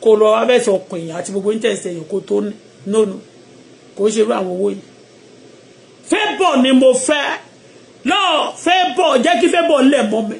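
A woman's voice: fairly high pitch, animated, quick pace, vocal fry, long pauses, a little hiss or hum. A Nigerian woman with a Yoruba accent leads a fervent live-stream prayer, chanting and repeating phrases and switching between English and Yoruba. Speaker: online blogger leading prayer.

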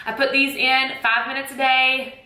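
A young woman with a Southern US accent talks to the camera in an enthusiastic, gushing, emphatic way. Her voice sits a little high and sounds bright and forceful. The sound carries a noticeable room echo. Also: level tone, normal speed. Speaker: teacher vlogger. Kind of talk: casual product chat to camera. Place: room lit with bright lights.

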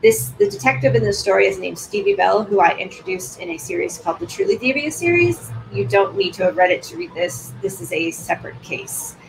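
A woman author talks through her book in a thoughtful, explanatory manner, pausing now and then to restart a thought. Her voice sits at a middle pitch, and a faint background noise runs beneath it. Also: sing-song, vocal fry, rough recording. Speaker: author guest. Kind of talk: conversational interview answers.

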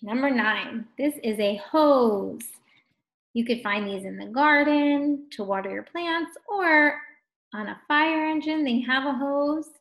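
A woman's voice: sits high, a little slow, a bit bright. A woman teaching a recorded phonics lesson to first graders, sounding out words and praising the children.

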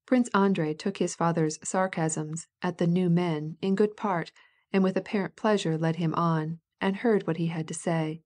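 A woman narrating a classic novel in a steady, even audiobook reading. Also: fairly low pitch, moderate pace. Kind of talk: scripted narration.

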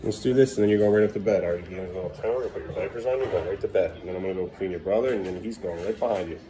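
A man's voice: deep voice, racing, background noise. A man in his thirties, a father filming a casual family vlog at home, teasing and coaxing his young kids. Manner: playful teasing dad, coaxing and praising kids.

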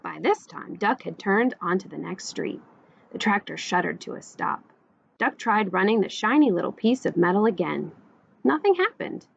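A woman, a teacher, reading a children's picture book aloud with expressive, animated storytelling. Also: medium pitch, normal speed, vocal fry, husky, highs cut off.

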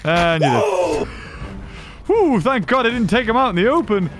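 A man giving excitable let's-play commentary as a gaming channel host. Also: high-pitched, normal speed, music in the background. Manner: excitable, exclaiming.

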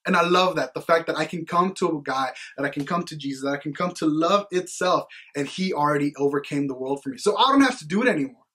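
A young man talks about faith with earnest, casual energy. His voice sits a touch high and has a husky, breathy edge. He rambles, restarts, and leans on "like" as he shares. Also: fast talker, few pauses, fairly bright tone. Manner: earnest, rambling, heavy on "like" and "you know what". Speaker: youth podcast co-host.

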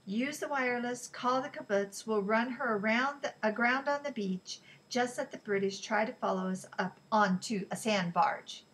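A woman reading aloud, voicing a gruff male ship captain in a grim, low tone. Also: moderate pace, hardly any pauses, a bit bright, natural voice, poor audio.

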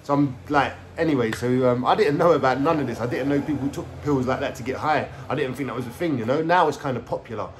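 A young man with a London accent rambles through a story at home, full of street slang and swearing. He keeps stopping for fillers like "yeah?" and "you know?". His voice sits at an ordinary middle pitch. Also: quick pace, hardly any pauses, a little hiss or hum. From England. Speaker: vlogger. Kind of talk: casual storytelling to camera. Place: indoors at home.

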